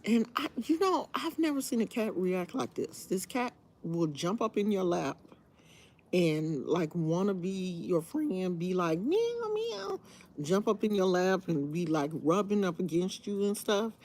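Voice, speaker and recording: A woman hosting a live stream, telling a story in a casual, animated way and laughing often. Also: on the low side, measured pace.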